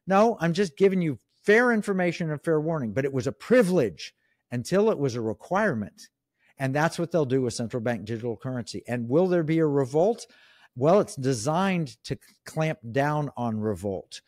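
A man's voice: a little high, expressive, moderate pace, darkish tone, dry recording, studio quality. A middle-aged man speaking as a guest in an interview, emphatic and opinionated, with frequent restarts. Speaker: guest, economic commentator. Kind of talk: interview conversation.

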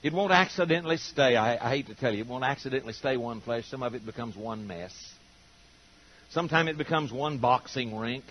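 A man's voice: medium pitch, animated, a little fast. An older man preaching a sermon to a congregation, telling homespun, humorous stories and acting out the quotes. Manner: folksy, humorous storytelling with acted-out quotes. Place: church auditorium with congregation. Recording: dull lo-fi sermon recording.

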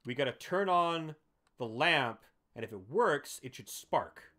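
A man's voice: medium pitch, lively intonation, unhurried, pushed and bright. A man hosting a let's play, giving casual commentary in a playful, bragging way with some swearing.

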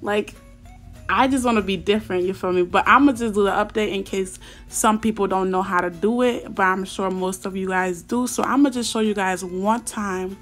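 A young woman commenting on her mobile game in a chatty, slang-heavy way, breaking into excited squeals and shouts. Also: mid-range voice, moderate pace, soft background music. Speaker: gaming YouTuber. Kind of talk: casual gameplay commentary.

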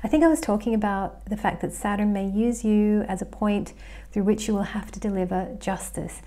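A woman's voice: medium pitch, normal speed, mellow. An Australian woman talking casually to camera about astrology at home, thinking aloud with small restarts.

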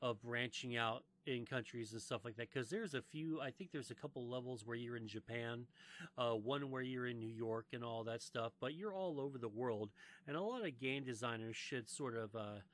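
A man from the United States hosts a loose gaming podcast. His pitch sits in the middle of the usual male range, and his talk is rambling and profane, full of restarts and "uh"s. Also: normal speed, a bit bright. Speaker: podcast host. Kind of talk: casual gaming podcast chat.

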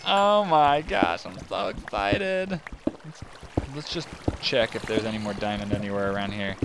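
A man hosting a gaming channel, talking to himself in casual, excitable commentary as he plays. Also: fairly low pitch, measured pace, heavy background noise. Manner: chatty, excitable, talks to himself while playing.

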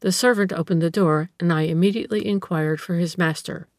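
Female audiobook reader, measured narration, lowish, dry close sound. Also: no room sound. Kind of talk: scripted narration of a classic story.

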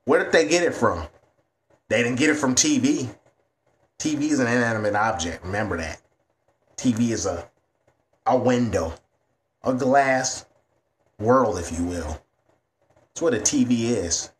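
A man's voice: medium pitch, measured pace, long pauses, slight background noise. A man ranting to camera in a vlog, blunt and heavy on profanity. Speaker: vlogger.

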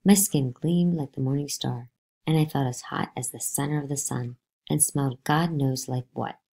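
A woman reading a novel aloud to a class, lively, with pitch jumps on the spoken lines. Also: moderate pace, breathy edge.

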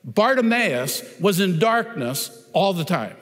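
A man's voice: sits high, sing-song, slow, a bit bright, big-room sound. A man preaching a sermon as pastor, retelling a scripture story with dramatic quoted cries. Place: church sanctuary.

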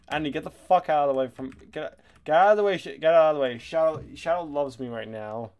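A man giving casual, excitable commentary over a video game, laughing and swearing often. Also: on the high side, fast. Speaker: gaming YouTuber.

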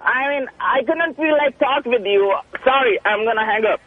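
Brief: male caller over a phone line, high husky voice, defensive and halting. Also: dry recording. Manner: defensive, halting, many restarts. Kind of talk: call-in radio talk.

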